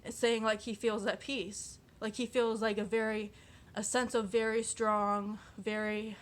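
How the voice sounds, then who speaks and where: Unhurried and level in tone, a woman with a medium-pitched voice reads quotes aloud on a casual vlog. She reacts in a rambling, chatty way with many fillers and restarts, giggling at herself and poking fun at herself.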